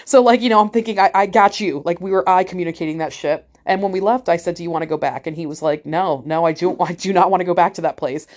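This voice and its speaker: A woman's voice: lowish voice, fast, few pauses, a little mellow. Blunt, profane woman telling a story. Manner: blunt, profane, acts out other people's voices. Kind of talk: casual storytelling vlog.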